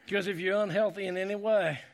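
High, gravelly-voiced shouting preacher man. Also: fairly even intonation, fast talker. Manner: preaching with shouted, rising intensity and repetition. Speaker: pastor. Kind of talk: sermon.

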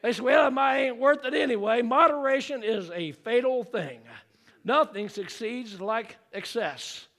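A man delivers a fervent church sermon in a high-pitched voice. His tone is bright and ringing, and he keeps drawing responses from the congregation. He builds to shouted, rousing exclamations. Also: a little slow. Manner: fervent preaching that swells into shouts. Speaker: pastor. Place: church sanctuary.

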